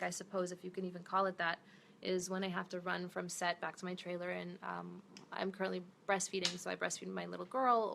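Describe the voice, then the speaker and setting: A woman's voice: lowish voice, creaky, pushed and bright, a little hiss or hum. A woman in her thirties, an actress, chatting casually in a live stream, reading fan comments aloud and switching between English and Portuguese.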